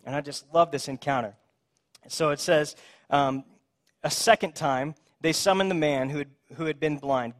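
Male pastor, slightly high voice, lively sermon with sarcastic asides. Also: moderate pace. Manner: animated, acts out the voices in the story with sarcastic emphasis; conversational, self-described as a bit of a smart aleck.

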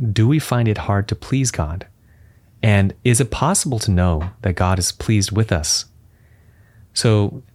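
A man in his thirties co-hosting a podcast, telling a family anecdote in a relaxed chatty way, chuckling and putting on playful voices for his children. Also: lowish voice. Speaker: podcast co-host. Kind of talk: casual podcast storytelling.

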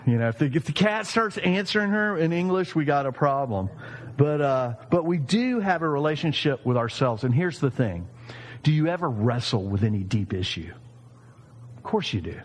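Lively fifty-something man preaching. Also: on the high side, moderate pace, long reverb tail. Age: 50s. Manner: animated, jokey, acts out quoted voices. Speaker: pastor. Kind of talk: sermon.

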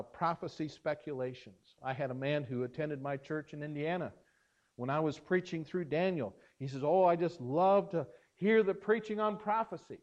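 Earnest male preacher, slightly high voice. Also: lo-fi sound. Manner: earnest, emphatic preaching with pauses and restarts. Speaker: pastor. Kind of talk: sermon.

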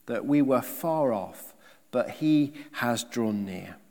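A man's voice: medium pitch, lively intonation, takes it slowly. Emphatic male preacher in a reverberant hall. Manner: emphatic, with rhetorical questions and swings in loudness. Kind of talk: sermon.

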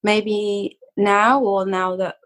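A woman's voice: medium pitch, level tone, extremely slow, a bit bright. A woman, a poet guest reading her work in a blunt, slangy voice and then chatting casually. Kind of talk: poetry reading and casual chat.

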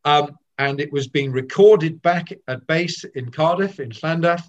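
A man's voice: a little high, measured pace. Older man telling stories, lo-fi. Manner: anecdotal and self-deprecating, with frequent restarts. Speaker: interview guest, sports broadcaster. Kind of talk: reflective interview storytelling. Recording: slightly dull lo-fi sound.

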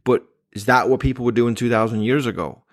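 A man's voice: medium pitch, a little fast. A man hosting a faith podcast, asking leading questions and agreeing often in conversation. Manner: prompting, leading questions, frequent agreeing "yeah". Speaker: podcast host. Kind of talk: conversational interview.

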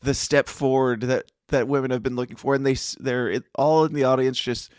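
Male podcast host, mid-pitched voice, dry close mic, rambling and hesitant. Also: fairly even intonation, fairly quick, no room sound. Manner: rambling, hesitant, laughs often. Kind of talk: casual news commentary chat.

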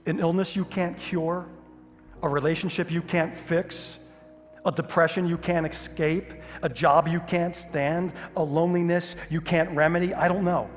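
Animated storytelling pastor in a hall. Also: male voice, a little high, moderate pace. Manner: animated, humorous storytelling with sudden loud outbursts. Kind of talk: storytelling sermon. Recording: live hall reverb with faint music.

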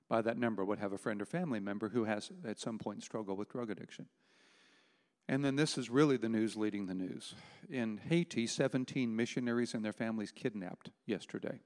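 A man preaching a sermon, emphatic, with dramatic pauses on key words. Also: lowish voice, darkish tone, in a large hall. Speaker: pastor.

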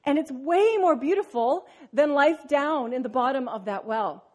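Matter-of-fact birds talk in a slightly lower, even voice, as a woman puts them on, explaining things calmly. It sounds like a storyteller's gentle aside. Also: moderate pace.

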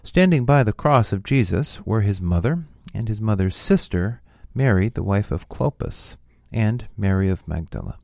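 Low-voiced man reading scripture. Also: creaky, no echo, clean studio sound. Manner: measured, steady reading. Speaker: scripture reader. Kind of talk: reading a Gospel passage aloud.

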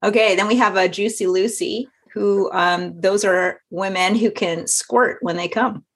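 A woman's voice: medium pitch, fairly even intonation, a little slow. A woman co-hosting a podcast who also teaches yoga, reading slang definitions aloud and adding dry remarks in casual chat. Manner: reads terms out, dry remarks.

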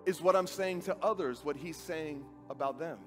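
A man preaching a sermon with an earnest, dramatic delivery, acting out quoted dialogue and dropping to a soft, quiet voice. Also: on the high side, normal speed. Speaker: pastor. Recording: faint music behind.

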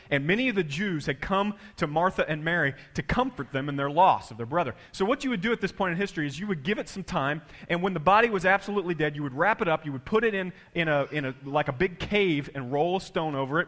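Man, sermon, animated preaching, rising and falling in pitch, dropping to a hush for quotes. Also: big-room sound. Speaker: pastor.

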